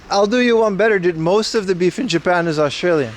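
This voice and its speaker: A young man talks to his livestream viewers in a loose, joking way, ribbing them as he goes. His voice sits a little high for a man. Faint street noise carries on behind him outdoors. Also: fast talker, few pauses. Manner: joking, banter with chat. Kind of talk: casual IRL stream chat.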